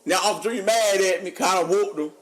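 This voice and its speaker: A man, a podcast co-host telling funny stories in casual chat, animated and laughing often. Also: quick pace. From North Carolina. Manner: animated, laughing often, drops low for quoted voices. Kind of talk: casual storytelling.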